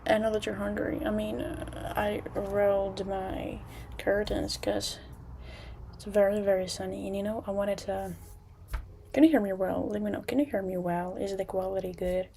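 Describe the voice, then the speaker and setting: Gravelly low-key woman livestreaming at home. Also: little pitch movement, slight background noise. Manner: halting, restarts often, soft at times. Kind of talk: casual livestream chat. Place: home room with curtains.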